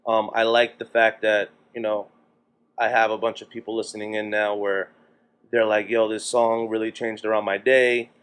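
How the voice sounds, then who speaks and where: A man from New Jersey, a podcast guest, chatting casually and telling stories with quick back-and-forth quotes. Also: on the low side, little pitch movement, a bit bright, clear, resonant tone. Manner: rapid storytelling, acting out quoted exchanges. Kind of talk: casual chat.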